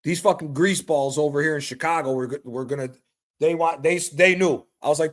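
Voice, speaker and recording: A man streaming a live reaction to a football match, excitable and profane, trash-talking the players. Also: on the high side, fairly quick. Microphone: streaming mic.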